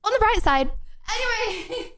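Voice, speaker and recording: A woman's voice: very high-pitched, animated, normal speed, noisy background. A young woman streamer chatting casually and giggling with her viewers while recovering from an illness, with many fillers. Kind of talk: casual live-stream chat.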